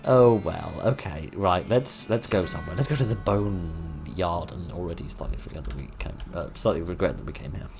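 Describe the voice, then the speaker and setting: A man's voice: deep voice, moderate pace, creaky, few pauses, over music. A man hosting a game playthrough, reading the text aloud with dry, sarcastic asides. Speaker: gaming video host. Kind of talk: let's-play commentary and reading game text.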